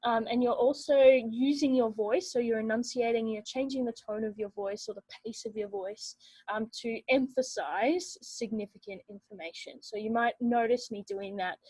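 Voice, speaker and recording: Husky woman teacher explaining. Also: fairly high pitch, moderate pace, dry recording, low-quality recording. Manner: explanatory, steady, with many fillers. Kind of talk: recorded classroom lesson explaining a rubric.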